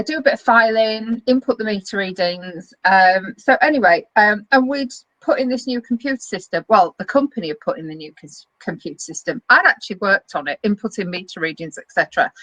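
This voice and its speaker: A middle-aged woman, hosting a casual chat and telling lively stories with frequent laughter. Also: mid-range voice, fairly quick, no room sound, rough recording. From northern England. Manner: lively storyteller, laughs often. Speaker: web TV host.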